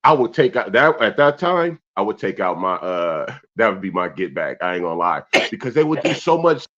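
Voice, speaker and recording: A young adult man co-hosting a casual talk show, animated and profane, reading out comments from viewers. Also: low voice, fairly quick. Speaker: podcast co-host. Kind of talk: casual chat. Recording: dull lo-fi sound.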